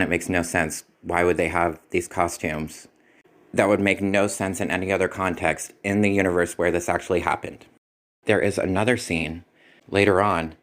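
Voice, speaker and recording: A man giving a spoken movie review in a critical, sarcastic way. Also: deep voice. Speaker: film reviewer.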